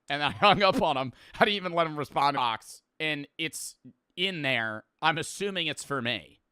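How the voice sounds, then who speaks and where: A man's voice: fairly high pitch, animated, normal speed, bright, forceful tone, clean tone, no echo, clean studio sound. A man in his twenties, a streamer casually reacting to clips, rambling, swearing and laughing as he tells stories.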